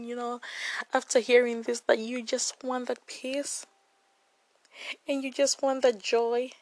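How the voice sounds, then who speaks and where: An earnest young woman speaks a devotional Bible reflection. Her voice sits a little high, and she repeats key phrases for emphasis. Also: no echo, rough recording.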